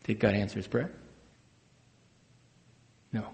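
A man preaching a sermon as a pastor, swinging between loud emphatic bursts and hushed, low phrases. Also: takes it slowly, vocal fry. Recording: long hall reverb.

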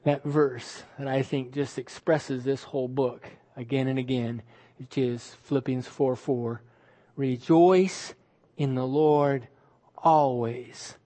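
A man preaching a sermon as pastor, emphatic, stretching key words and dropping suddenly to quiet. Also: mid-range voice, fairly even intonation, slow pace.

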